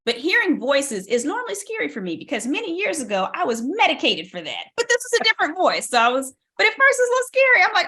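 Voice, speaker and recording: A woman with a bright, clear voice sits for a podcast interview. She tells her story with animation, swinging her pitch widely and voicing the people she quotes. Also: big pitch swings, fast, hardly any pauses. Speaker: guest, tech strategist and keynote speaker.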